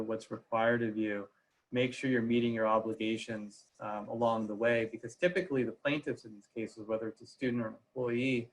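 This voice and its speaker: A man's voice: mid-range voice, low-quality recording. A man giving a legal presentation on a video call, speaking conversationally with frequent "uh" fillers. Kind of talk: webinar presentation.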